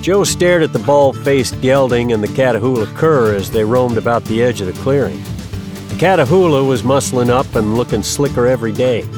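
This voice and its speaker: A man reading a first-person western story aloud, in a steady, even storytelling manner. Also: medium pitch, normal speed. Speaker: audiobook narrator. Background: guitar music.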